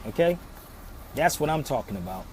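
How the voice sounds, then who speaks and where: A man's voice: medium pitch, very animated, normal speed, darkish tone. A man from Philadelphia giving an impassioned outdoor monologue, emphatic and preachy, repeating his pleas over and over. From Philadelphia, USA. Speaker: social media commentator. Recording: outdoor traffic noise.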